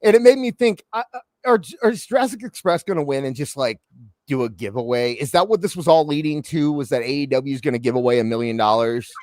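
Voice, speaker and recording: A man hosting a wrestling talk show in casual chat, animated and full of stammering restarts. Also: mid-range voice, quick pace, no echo. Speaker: wrestling podcast host.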